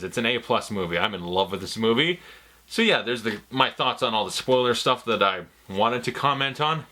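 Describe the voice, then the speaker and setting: A young man rambling excitedly and swearing freely in a casual movie review vlog. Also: mid-range voice.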